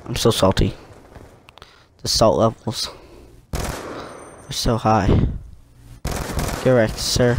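A young man giving excitable, joking commentary over his own gameplay, trash-talking and yelping at sudden moments. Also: fairly low pitch, takes it slowly, long pauses, low-quality recording. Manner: excitable, jokey trash talk with sudden yelps. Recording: faint gunfire and game noise. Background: gunfire from the game.

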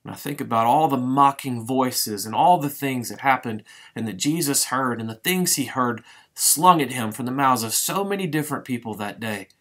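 A middle-aged man, a pastor, giving a devotional sermon as a vivid, dramatic retelling that slows down for emphasis. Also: mid-range voice, expressive, a bit bright.

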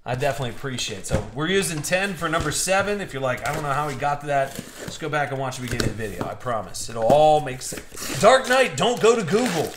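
Hosting a live-streamed trading card box break, a man jokes with viewers as he opens packs, chatty and upbeat. He talks fast and expressively at a medium pitch into a streaming mic, in an echoey room with a noisy background.

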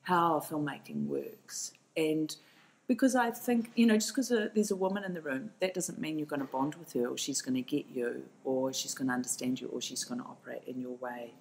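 On a podcast, a middle-aged documentary filmmaker from New Zealand discusses her work in a low, steady, creaky voice, talking fairly quickly. Full of conviction, she speaks emphatically and keeps restarting sentences to press her point. The audio is poor, with a little hiss or hum.

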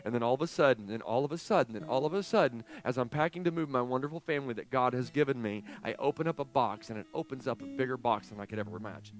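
A pastor in his forties preaching a sermon, telling a personal story with animated swings from hushed to loud. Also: mid-range voice, quick pace, hardly any pauses, soft background music. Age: 40s. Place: church sanctuary.

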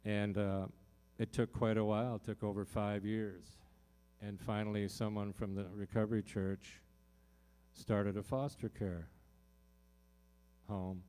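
A man with a lowish, mellow voice tells a personal story to a live audience from a concert stage. He talks loosely and from the heart, stacking up fillers and restarts as he goes. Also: level tone, measured pace, clear, resonant tone. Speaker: singer-songwriter performing in concert.

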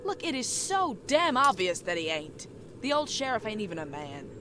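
A woman's voice: medium pitch, big pitch swings, moderate pace, natural voice. A woman playing a hostile Old West gunslinger woman. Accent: American Western. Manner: drawling, coarse, threatening. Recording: game audio with background noise.

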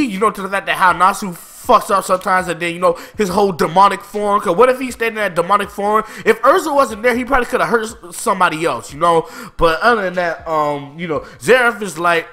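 Brief: young male reviewer, high lively voice, hyped, slangy, swears a lot. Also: a little fast, hardly any pauses. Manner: animated, excitable, heavy slang and swearing. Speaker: anime and manga reviewer. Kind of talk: casual chat.

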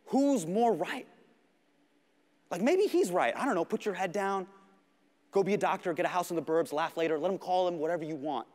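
A man in his thirties doing animated stand-up storytelling on stage. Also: sits high, in a large hall. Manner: animated, expressive, shifts between shouting and hushed. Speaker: stand-up comedian.

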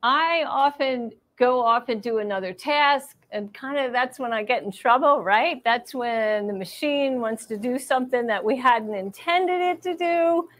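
A woman's voice: fairly high pitch, measured pace, hardly any pauses, fairly bright tone. A middle-aged woman teaching machine embroidery in a live demonstration, chatty and reassuring, thinking aloud as she works.

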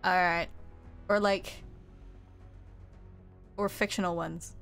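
A woman's voice: on the low side, fairly even intonation, slow, creaky, fairly bright tone, clear, resonant tone, soft background music. Playful, laughing woman streamer. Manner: playful, laughs often, teasing. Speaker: streamer co-host. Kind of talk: casual live-stream chat over gameplay.

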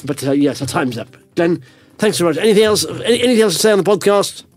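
A man's voice: sits high, lively intonation, quick pace, no echo, soft background music. Chatty man hosting a market podcast. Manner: chatty, jokey, rambling asides. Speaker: podcast host. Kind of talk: casual chat and market roundup.

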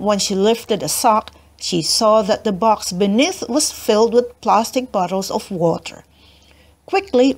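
A woman reading a children's chapter book aloud, clear and expressive. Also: on the high side. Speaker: storybook reader.

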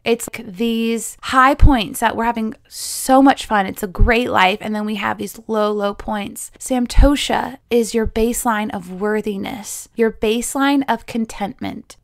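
A woman's voice: mid-range voice, no room sound, clean studio sound. A woman yoga teacher hosting a podcast, giving a chatty spoken lesson, laughing often and slipping into playful quoted voices.

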